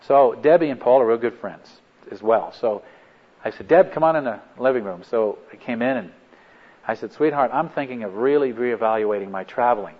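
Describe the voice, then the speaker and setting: A middle-aged man giving a talk, retelling a family story in an earnest, halting way and quoting each line of dialogue. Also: mid-range voice. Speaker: speaker. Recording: dull lo-fi recording.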